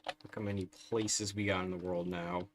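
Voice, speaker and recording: A man's voice: sits low, level tone, moderate pace, slight background noise. A man streaming a strategy game live, chatting through it in a wry, sarcastic way. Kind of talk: live gameplay commentary.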